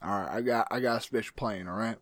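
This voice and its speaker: A man playing a violent weapons inventor and war veteran in an improvised comedy role-play, crude, boastful and excitable. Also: fairly low pitch, fast, no room sound.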